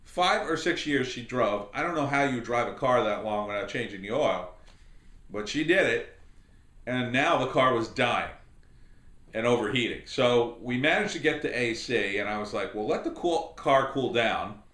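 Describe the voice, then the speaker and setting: This middle-aged podcast host talks at a moderate pace in a medium pitch, his voice bouncing around an echoey room. He spins a long, rambling anecdote in casual storytelling fashion, playing out quoted voices with energy.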